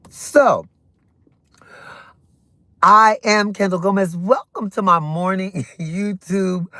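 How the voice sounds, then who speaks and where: Casual livestream host, unhurried, very lively intonation, chatty and sassy, eats while talking. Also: medium pitch, no echo. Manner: chatty, talks to viewers between bites of breakfast. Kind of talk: casual morning livestream chat.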